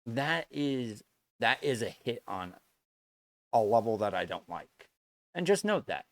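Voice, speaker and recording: A man's voice: mid-range voice, very animated, unhurried, fairly bright tone, no echo. Blunt, lecturing male streamer. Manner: blunt, lecturing, swears, repeats himself. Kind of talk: casual stream chat to viewers.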